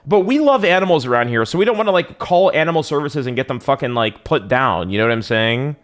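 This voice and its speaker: Animated young man streamer, rambling. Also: mid-range voice, fast talker. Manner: rambling, profane, slangy, lots of filler. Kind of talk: casual storytelling on a live stream.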